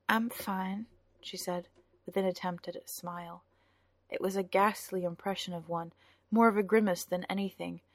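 A woman reading a story aloud in a soft, measured narrating voice. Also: fairly low pitch, dry recording. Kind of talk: audiobook narration.

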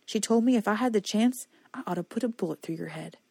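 A woman's voice: medium pitch, expressive, quick pace, vocal fry, warm tone, breathy edge, no room sound, voice pushed up. A woman doing a curt, hostile soldier. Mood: hard. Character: bitter, threatening young male soldier, one-handed.

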